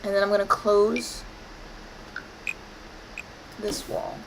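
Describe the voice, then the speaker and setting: Woman streamer, mid-pitched, chatty gameplay talk, scolds the game in playful fake outrage. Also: level tone, slow, slight background noise, rough recording. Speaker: gaming streamer. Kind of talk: casual gameplay commentary.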